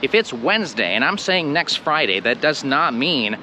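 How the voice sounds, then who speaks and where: A man with an American accent giving a casual spoken English lesson, slowing down to model example phrases. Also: mid-range voice, big pitch swings, sharp tone. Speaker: English teacher. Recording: clear street and traffic noise.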